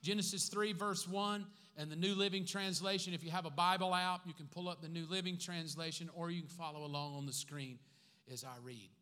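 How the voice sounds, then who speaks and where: A man with a high, bright, forceful voice preaches a sermon in a church sanctuary. He slows down to hammer home repeated phrases and tosses playful asides to the congregation. Long reverb from the big hall trails after his words. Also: steady tone. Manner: joking asides with the congregation between teaching points; slow emphatic repetition of key phrases. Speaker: pastor.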